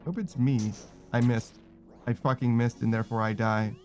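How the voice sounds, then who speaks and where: A man's voice: steady tone, normal speed, darkish tone, faint music behind. A man streaming a video game, chatting casually, swearing often, reading chat aloud and tacking meow onto his sentences. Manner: frustrated outbursts in a raised, higher voice. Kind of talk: casual gaming stream commentary.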